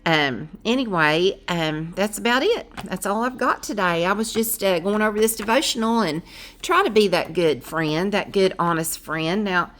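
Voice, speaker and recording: A middle-aged woman, chatting casually to her vlog viewers in a loud, brash way, rambling with many fillers and frequent laughs. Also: medium pitch, normal speed. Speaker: vlogger.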